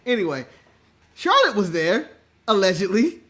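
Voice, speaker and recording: A male podcast co-host telling a story in casual chat, animated, laughing often and swearing freely. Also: sits high, moderate pace.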